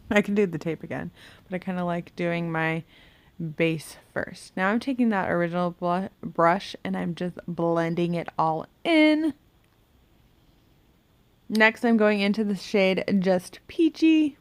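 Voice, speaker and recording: A beauty vlogger chats her way through a makeup tutorial in her bedroom at home, talking to herself as she works and now and then humming or muttering. Her voice is fairly low and her pace measured, with no echo in the room.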